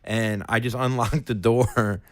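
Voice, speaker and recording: A man co-hosting a podcast, telling a crude, rowdy story in casual chat and loudly acting out what people said. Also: mid-range voice, fairly even intonation, a little slow, no echo. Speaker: podcast co-host.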